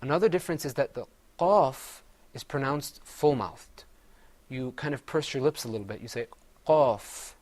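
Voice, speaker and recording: This man's mid-range voice has lively intonation and moves at a normal speed. He's leading a class through Arabic letter sounds, patiently voicing each one for the group to repeat, and walks them through mouth positions one step at a time.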